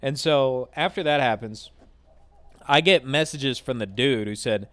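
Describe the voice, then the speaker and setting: A young man hosting a gaming channel tells a story in a loose, animated way and swears freely. His voice is smooth and resonant at a mid pitch. It is recorded close and dry, with no room sound. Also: unhurried, no room sound. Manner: animated, profane, acts out both sides of arguments. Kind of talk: casual storytime over gameplay.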